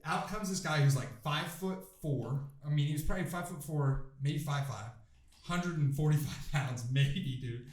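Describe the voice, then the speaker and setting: A man in his twenties, a guest on a podcast, tells a story in a casual, profane, animated way and acts out the quoted lines. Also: a little high, normal speed. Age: 20s. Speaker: podcast guest, pro MMA fighter. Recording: roomy room, faint noise.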